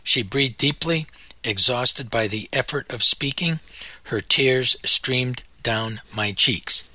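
A man narrating his memoir as an audiobook, in measured, solemn, deliberate phrasing. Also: mid-range voice, bright, forceful tone, no room sound.

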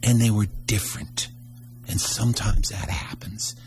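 A man's voice: lowish voice, steady tone, moderate pace, darkish tone, soft background music. A man telling a childhood story in a live storytelling performance, acting out the characters with raised voices.

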